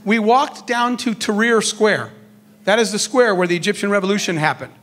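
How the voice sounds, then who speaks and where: A middle-aged man giving a motivational keynote talk, an animated storyteller who acts out the dialogue in his anecdotes. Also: high voice, normal speed. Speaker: keynote speaker on entrepreneurship.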